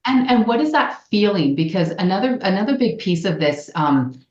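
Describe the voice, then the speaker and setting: A woman psychologist co-hosting a podcast, speaking earnestly in casual conversation and acting out gentle quoted lines. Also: medium pitch, sing-song, moderate pace. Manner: earnest, acts out gentle quoted dialogue to children. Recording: echoey room, dull audio.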